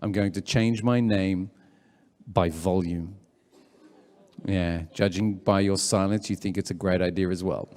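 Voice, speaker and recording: A man's voice: deep voice, fairly even intonation, unhurried, long pauses, darkish tone, in a large hall. A man hosting an event as a comedian, chatty and teasing the crowd live. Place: live event room with audience.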